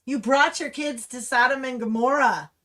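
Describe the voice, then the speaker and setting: A middle-aged woman, talking on a livestream in an impassioned, ranting way that rises to angry shouts. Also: high voice, moderate pace. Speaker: livestream host. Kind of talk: livestream commentary over slideshow.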